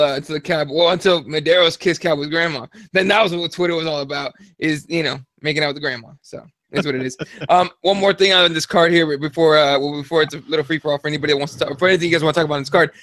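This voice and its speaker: A man co-hosting a casual sports chat, excitable and swearing freely. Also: on the high side, fast talker, hardly any pauses, dry recording, clean studio sound. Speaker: podcast co-host.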